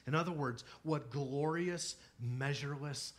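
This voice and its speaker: A man in his thirties preaching a sermon who moves from quiet storytelling to emphatic, near-shouted exhortation and has the congregation repeat words after him. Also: mid-range voice, measured pace. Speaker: pastor.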